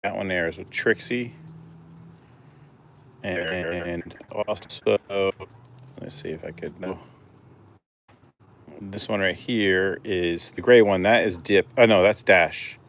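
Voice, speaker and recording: Very low-voiced man, relaxed backyard vlog. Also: slow pace, pauses often, slight background noise. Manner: relaxed, rambling, chatty with his hens. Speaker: backyard chicken keeper, vlogger. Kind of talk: casual walk-and-talk vlog. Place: outdoors in a backyard garden. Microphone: handheld phone camera.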